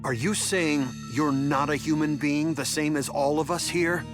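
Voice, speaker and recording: An actor voicing a polite but suspicious adult villager in an anime dub. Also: male voice, fairly high pitch, steady tone, moderate pace, over music, natural voice. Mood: wary.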